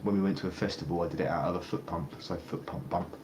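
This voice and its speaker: This street interview features a young man whose low-pitched voice stays fairly even in intonation while moving at a quick pace. He rambles, swears heavily, and keeps restarting what he's saying, with noisy street sounds all around.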